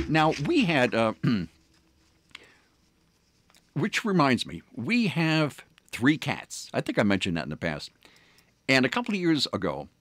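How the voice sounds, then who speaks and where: Rambling, lively radio host man. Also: mid-range voice, dry recording. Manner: rambling, many fillers and restarts. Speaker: radio morning show host. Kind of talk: casual on-air storytelling. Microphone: studio microphone.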